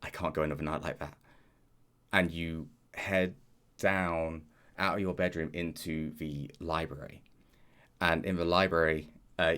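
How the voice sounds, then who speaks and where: A man narrating a tabletop game as game master, relaxed and rambling with many hesitations. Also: deep voice.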